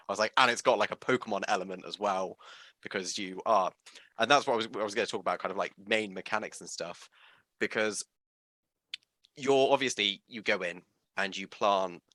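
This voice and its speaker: A man hosting an interview, gushing and animated, with many fillers. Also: lowish voice, no room sound. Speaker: interview host. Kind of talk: enthusiastic casual interview.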